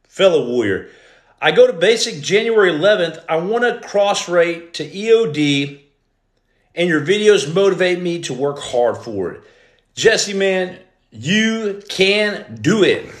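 A man's voice: fairly high pitch, lively intonation, unhurried, echoey room. A man hosting a motivational livestream, greeting viewers and reading their comments aloud. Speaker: podcast host, former Navy SEAL.

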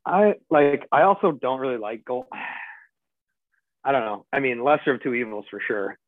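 A man's voice: medium pitch, measured pace. A man co-hosting a podcast in casual sports chat, grumbling and swearing, often restarting his sentences. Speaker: podcast co-host. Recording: tinny, dry phone-like line.

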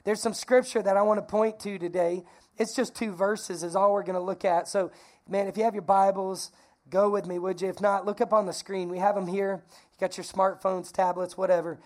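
A woman pastor preaching a lively, conversational sermon, calling on the congregation to repeat phrases. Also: mid-range voice, a little fast. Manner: energetic, conversational, calls for congregation responses.

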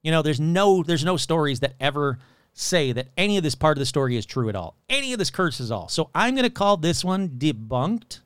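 Male comedic podcast host, profane and sarcastic, lively pitch, clean close dry mic. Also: a little fast, clean tone, dry recording. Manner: profane, sarcastic, rambling, mocks locals in silly voices. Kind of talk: casual comedic podcast monologue.

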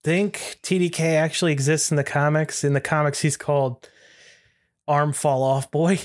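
A man's voice: a little high, steady tone. Laid-back man recapping a movie. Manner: laid-back, fills pauses with uh. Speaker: podcast co-host. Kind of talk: casual movie discussion.

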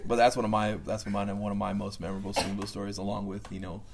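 A man's voice: lowish voice, flat delivery, rapid-fire, gravelly, heavy background noise. A young man who leads youth ministry, telling stories casually and animatedly, laughing and filling his talk with "like" and "you know.". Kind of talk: casual storytelling.

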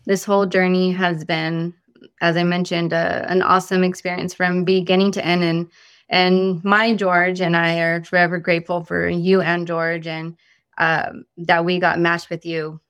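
A woman guest speaking calmly in a casual conversation. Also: fairly low pitch, moderate pace, clear, resonant tone, no room sound. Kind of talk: casual chat.

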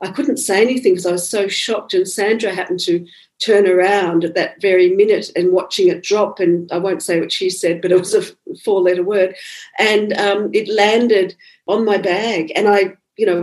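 Speaking at an ordinary pace in a medium-pitched voice, this woman is a psychic medium recounting her experiences during a conversational interview. Her storytelling is lively, and she performs the lines of dialogue she quotes, though the audio is poor.

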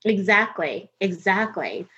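A woman's voice: medium pitch, slow pace, husky, highs cut off. A middle-aged woman from North Texas, a comedian and voice actor, talking candidly in an interview and acting out other people's lines as she tells her stories. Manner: animated storyteller who acts out other people's lines.

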